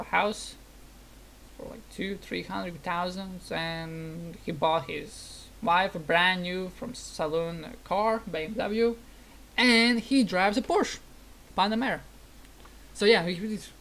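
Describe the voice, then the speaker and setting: A woman gaming streamer chatting casually, telling rambling stories with lots of fillers. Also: lowish voice. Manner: rambling storytelling with frequent fillers. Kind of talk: casual chat while streaming.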